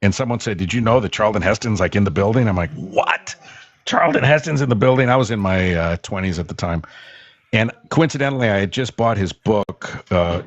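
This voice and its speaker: A man's voice: low voice, muffled recording. A man, a former radio host, telling long rambling anecdotes with many fillers as a guest on a call-in show. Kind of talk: casual storytelling in a call-in show.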